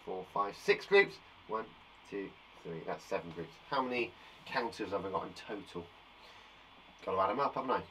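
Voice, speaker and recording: A man's voice: fairly low pitch, a bit bright, slight background noise. A man from England, a primary school teacher giving a live online maths lesson to young children, playful and encouraging, chatting to viewers by name.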